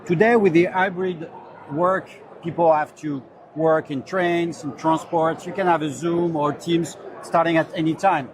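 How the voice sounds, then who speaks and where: A man representing a company, earnestly explaining his product in a slightly halting way on a trade show floor. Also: a little high, fairly even intonation. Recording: loud crowd chatter behind.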